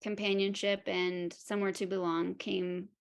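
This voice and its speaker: A woman tells her own story as a podcast guest, open and frank, with a gravelly fry running through a mid-pitched voice. She acts out what other people said to her and laughs at herself along the way. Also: flat delivery, moderate pace. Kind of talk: candid personal storytelling.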